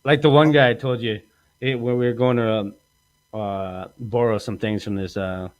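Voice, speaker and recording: A man's voice: on the low side, normal speed, dry recording. A man hosting a comedy podcast, boastfully telling stories, acting out quotes and laughing often. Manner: boastful, animated storyteller who acts out quotes and laughs often. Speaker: podcast host. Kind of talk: comedic storytelling chat.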